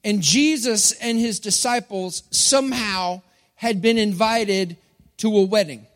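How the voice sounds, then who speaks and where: Middle-aged man, pastor, playful joking sermon, high-pitched, reverberant church hall. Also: measured pace. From Texas.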